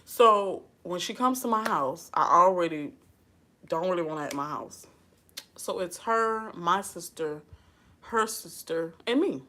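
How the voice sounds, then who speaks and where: A woman's voice: lowish voice, lively intonation, unhurried, bright, forceful tone. A woman giving casual advice in a vlog, sassy and chatty, often breaking into laughter. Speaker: advice vlogger. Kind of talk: casual chat.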